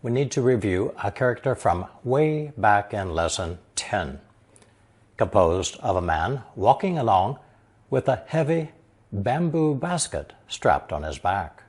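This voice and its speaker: A man narrating a scripted language lesson, explaining slowly and carefully and reading example sentences aloud. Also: on the low side, sing-song, darkish tone, husky. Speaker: language teacher.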